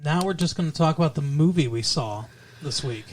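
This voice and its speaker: A man co-hosting a movie podcast in casual chat, joking, laughing often and slipping into quick impressions. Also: fairly high pitch, expressive, slight background noise. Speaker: podcast co-host.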